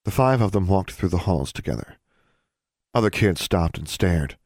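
A man narrating an audiobook in an even, measured way. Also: low-pitched, no room sound, clean studio sound.

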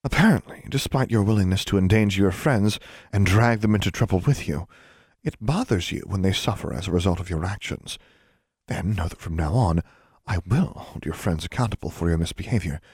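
A man voicing a cold, stern female school dean who speaks in quiet, menacing, clipped commands. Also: deep voice, expressive, brisk, husky, no echo, studio quality, heavily acted.

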